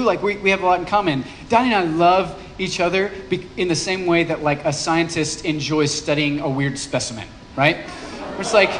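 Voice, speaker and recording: Man, pastor, high voice, chatty sermon with playful asides, faint background hum. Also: normal speed, fairly bright tone. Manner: conversational, playful asides to the congregation.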